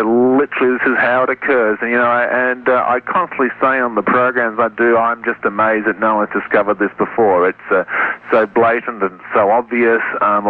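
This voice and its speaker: A man on a radio talk show explaining his ideas with enthusiasm and lots of fillers. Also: mid-range voice. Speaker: guest explaining reverse speech. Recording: tinny phone line.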